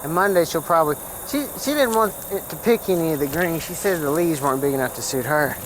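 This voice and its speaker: A man's voice: on the high side, animated, quick pace, background noise. A man talks through his vegetable garden outdoors in a rambling, folksy, chatty way. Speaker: gardening vlogger. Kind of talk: casual walk-through commentary.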